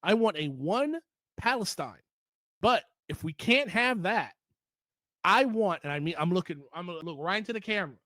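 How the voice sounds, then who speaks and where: A man's voice: high-pitched, expressive, normal speed, bright, forceful tone, no echo. A man giving an opinionated political commentary monologue, heated and emphatic, repeating points for stress.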